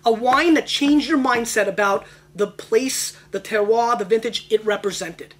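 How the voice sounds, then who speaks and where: A man hosting a casual wine tasting video, brash and excitable, veering off into rambling tangents. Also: very high voice, moderate pace. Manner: brash and emphatic. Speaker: wine show host.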